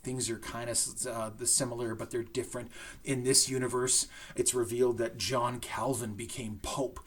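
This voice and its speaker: Middle-aged man, husky voice, casual English teacher talking through a lesson with frequent check-ins. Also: medium pitch, level tone, normal speed. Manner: conversational, with frequent "right?" check-ins and restarts. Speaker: high school English teacher. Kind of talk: recorded lesson to students.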